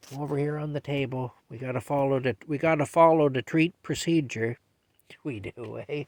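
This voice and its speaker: An older man with a gravelly voice that keeps slipping into fry, talking casually at bedtime. He rambles, repeats himself and talks gently to his cat, in a middle-pitched voice. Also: fairly even intonation, moderate pace, a little hiss or hum. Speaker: vlogger. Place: small camper in a field, at night.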